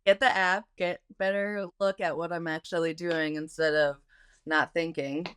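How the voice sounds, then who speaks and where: A woman's voice: lowish voice, steady tone, moderate pace, fairly bright tone, clear, resonant tone. A woman speaking as the guest in a money interview, candid and self-deprecating about her spending. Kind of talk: candid conversation.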